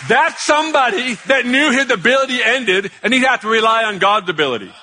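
A male pastor telling a story in a sermon, chatty and animated, joking with the congregation. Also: extremely high pitch, a little fast, a faint crowd, a little hiss or hum.

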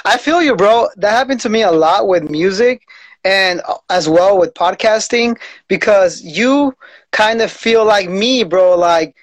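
A man in his forties hosts a podcast in a relaxed, slangy way and keeps saying bro. His voice sits high for a man. The sound is very dry and close, with almost no room around it. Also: unhurried, no echo. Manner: laid-back, slangy, says "bro" often. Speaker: podcast host. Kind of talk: casual conversation.

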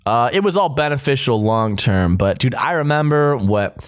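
A man's voice: mid-range voice, lively intonation, moderate pace. A young man in his twenties, co-hosting a podcast in casual chat, rambling and swearing with many fillers and restarts. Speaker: podcast co-host.

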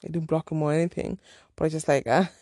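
Low-voiced woman chatting frankly. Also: level tone, fast, dark tone, dry recording, clean studio sound. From Zimbabwe. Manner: frank, rambling, chatty with fillers. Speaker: vlogger. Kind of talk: casual storytime chat.

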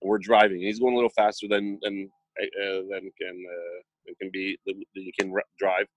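Low-voiced man telling lively stories. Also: a little fast, dry recording. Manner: animated storyteller, acts out dialogue. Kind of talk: casual chat.

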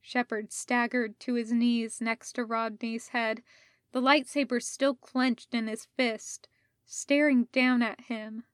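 A woman reading fan fiction aloud as an audiobook, in a measured, soft-spoken storytelling voice. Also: on the high side, flat delivery, no room sound, clean studio sound. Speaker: audiobook reader.

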